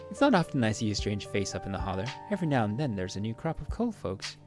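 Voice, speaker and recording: A man voicing a chatty, curious young woman from a small town, read in his own plain low voice. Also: very animated, a little fast, over music.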